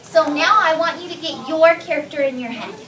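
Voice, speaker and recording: A high-pitched woman teaching young children, patient and clear as she walks them through a writing lesson. She is caught by a camera across an echoey classroom. The chatter of the children is all around her. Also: a little fast, recorded from a distance. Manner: clear, patient, models expressive reading. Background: children in the room.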